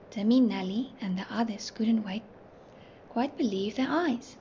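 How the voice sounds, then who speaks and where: A woman teacher reading a storybook aloud to toddlers, gentle and clear. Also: a little high. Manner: gentle, slow, clearly sounding out words. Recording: muffled, faint hiss.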